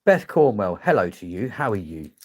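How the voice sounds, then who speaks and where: A man's voice: fairly low pitch, very animated, normal speed, slight background noise. A young English man vlogging live while walking outdoors at night, chatty, self-mocking and swearing often, filming on his phone at arm's length. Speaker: vlogger hosting a live stream. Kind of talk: casual live-stream chat while walking. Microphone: phone camera at arm's length.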